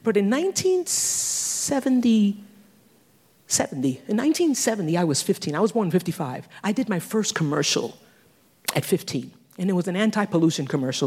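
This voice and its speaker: A woman in her sixties preaching a sermon, animated, with teasing asides and laughter. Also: medium pitch, brisk, breathy edge. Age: 60s. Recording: long hall reverb.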